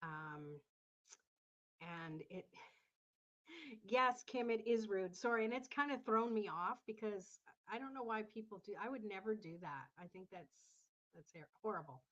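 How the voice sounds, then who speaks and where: A woman's voice: mid-range voice, animated, measured pace, a bit bright. A woman hosting a casual tarot livestream, chatty and encouraging as she talks to viewers in the chat. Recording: slightly dull lo-fi sound.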